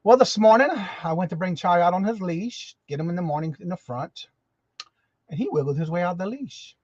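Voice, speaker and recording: A man's voice: high-pitched, expressive, a little fast, a little mellow, no echo. A man hosting a casual livestream, chatty and folksy, greeting viewers one by one. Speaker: livestream host. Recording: dull lo-fi sound.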